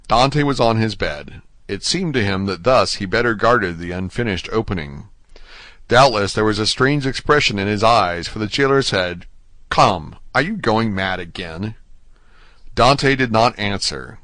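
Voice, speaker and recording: A man's voice: fairly low pitch, a bit bright, no room sound. Man narrating an audiobook, dry sound. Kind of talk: scripted narration.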